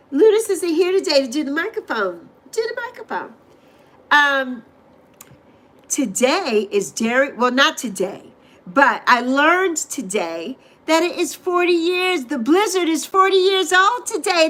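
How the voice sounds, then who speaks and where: A woman's voice: high voice, fairly bright tone. A middle-aged woman hosting a casual livestream, greeting viewers by name and repeating phrases with gushing affection. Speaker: livestream host.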